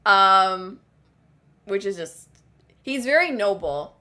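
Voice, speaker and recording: A woman's voice: mid-range voice, lively intonation, slow pace, bright, forceful tone. A young woman co-hosting a podcast, chatting casually and filling her talk with "like" as she retells scenes. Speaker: podcast co-host. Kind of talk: casual chat.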